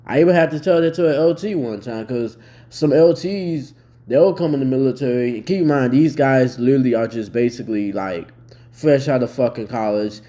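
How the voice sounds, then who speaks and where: A man's voice: medium pitch, moderate pace, warm tone. A man in his twenties giving blunt, heavily profane casual commentary as a vlogger. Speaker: vlogger reacting to a news story.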